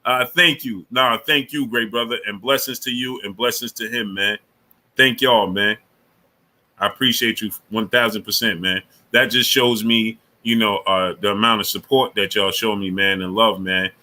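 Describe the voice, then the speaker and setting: Bright-toned man hosting a slangy sports livestream. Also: on the low side, fairly even intonation, moderate pace. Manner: loose, slangy, reads out super chats between takes. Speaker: sports talk livestream host. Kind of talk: casual livestream chat.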